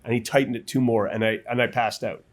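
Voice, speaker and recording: A middle-aged man telling a personal war story in vivid, halting bursts, acting out what others said. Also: mid-range voice, little pitch movement. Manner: vivid, halting retelling with quoted voices and restarts. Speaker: guest, military veteran.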